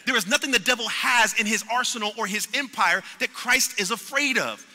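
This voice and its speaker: A pastor preaching a sermon with passion, repeating words and acting out what people say. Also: male voice, extremely high pitch, fairly quick, pushed and bright. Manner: impassioned preaching with repetitions and acted-out quotes. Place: church sanctuary. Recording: long hall reverb in a church.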